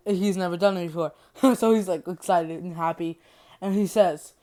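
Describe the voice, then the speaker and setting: A woman's voice: on the low side, normal speed, mellow. A woman casually summarizing a horror book, rambling and repeating herself. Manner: rambling, repetitive, giggly. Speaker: youtuber retelling a book.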